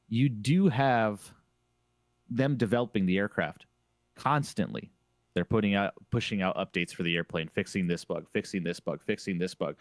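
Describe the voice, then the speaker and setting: A man's voice: lowish voice, normal speed, dry recording. A man on a streamer panel discussion, talking emphatically and opinionatedly, repeating phrases to drive his point home. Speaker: flight sim streamer on a panel.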